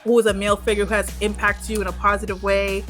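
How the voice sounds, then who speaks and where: A woman in her twenties co-hosting a casual podcast, quick, emphatic and playful, speaking straight to listeners. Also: mid-range voice, level tone, fairly bright tone, faint music behind. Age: 20s. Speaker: podcast co-host. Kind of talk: casual chat.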